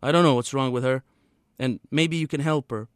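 A man's voice: medium pitch, fairly quick, no room sound, clean studio sound, natural voice. A man reading the lines of a father pleading with his upset wife.

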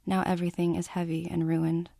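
A woman reading her own novel aloud, calm and measured in first person. Her voice sits lowish and mellow, and the recording is close and dry with no room around it. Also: vocal fry, no room sound. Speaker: author.

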